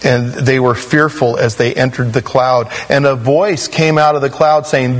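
A man preaching a sermon in a conversational, animated way, with sudden rises in pitch. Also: normal speed, poor audio. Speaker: pastor.

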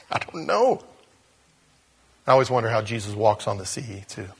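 A man preaching a sermon in a conversational way, growing animated as he reads scripture aloud. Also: fairly low pitch, normal speed, long reverb tail, a little hiss or hum.

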